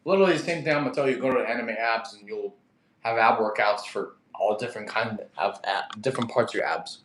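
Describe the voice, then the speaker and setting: A young man from Russia, a fitness streamer reading live chat, animated and quick to get annoyed at spammers. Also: on the low side. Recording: echoey room.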